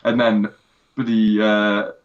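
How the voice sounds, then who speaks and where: Man, casual podcast chat, fairly low voice, animated retelling, muffled lo-fi audio. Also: slow pace. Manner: animated, laughs while retelling scenes, says "mate" often. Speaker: podcast co-host. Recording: dull lo-fi sound.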